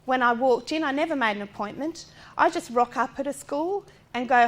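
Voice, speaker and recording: A middle-aged woman with a fairly high voice addresses a class at a moderate pace, drawing on her life as the parent of a disabled child. Blunt and lively, she poses pointed rhetorical questions and imitates the people in her stories.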